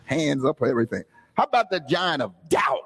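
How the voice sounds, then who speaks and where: A male pastor preaching in a church, swinging between easy talk with the congregation and shouted, almost sung phrases. His voice sits high and swoops widely. There is a husky grain to it. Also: very animated, brisk. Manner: call-and-response, rising to shouts and sung phrases. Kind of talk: preaching a sermon. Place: church sanctuary.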